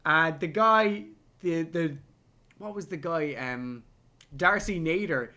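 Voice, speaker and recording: A man's voice: a little high, slow. A man co-hosting a casual film review podcast, chatting animatedly and mimicking characters. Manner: animated, does mocking voices of characters. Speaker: podcast co-host.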